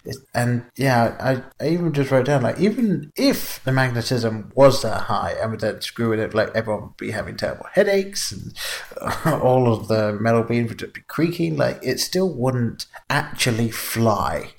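A man's voice: mid-range voice, very animated, moderate pace, vocal fry. A man co-hosting a podcast, chatting casually and jokily about a film, laughing often. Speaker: podcast co-host. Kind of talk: casual film review chat.

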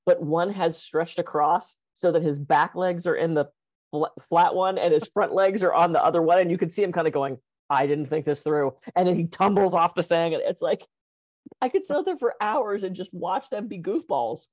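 A woman co-hosting a podcast, telling stories in an animated, laughing way. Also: on the low side, moderate pace, no echo, muffled recording. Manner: animated, laughing, bouncy storyteller. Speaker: podcast co-host. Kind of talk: casual chat.

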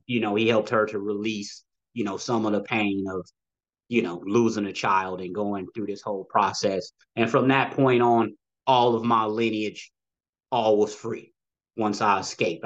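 A man's voice: on the low side, a bit bright. Rambling storytelling man, lo-fi sound. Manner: rambling, acts out quoted dialogue, frequent "you know" asides. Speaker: podcast guest, shaman. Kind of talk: casual personal storytelling.

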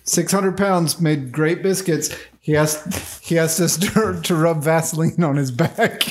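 A man's voice: on the high side, measured pace. A man co-hosting a podcast, telling rambling stories and laughing often in casual chat. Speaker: podcast co-host.

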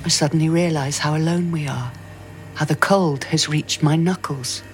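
A woman's voice: low-pitched, fairly even intonation, normal speed, soft background music, close to an everyday voice. A woman actor delivering a scripted first-person dramatic monologue in an intimate, brooding way.

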